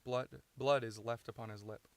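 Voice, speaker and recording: A man reading his own screenplay aloud, steady and matter-of-fact, inside a parked car. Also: medium pitch, normal speed, no room sound. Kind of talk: script read-through narration.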